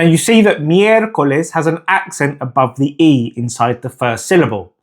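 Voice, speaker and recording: A man teaching a beginner Spanish lesson, speaking slowly and patiently and pausing so the listener can repeat after him, with frequent encouragement. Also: fairly high pitch. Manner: slow, patient, repeats words for the listener to echo.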